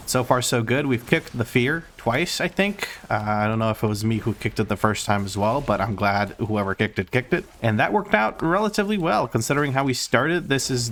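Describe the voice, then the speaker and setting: A man's voice: lowish voice, a bit bright, a little hiss or hum. A man hosting a gaming channel, recapping runs and commenting live on his gameplay in a casual, chatty, self-deprecating way with frequent fillers.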